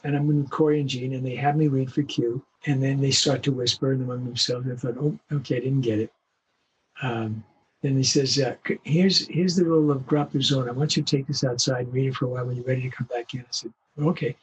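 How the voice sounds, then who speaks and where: An older male voice actor telling animated anecdotes in an interview, acting out the voices of the people he quotes. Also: mid-range voice, brisk, slight background noise. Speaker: guest voice actor. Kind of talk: storytelling interview.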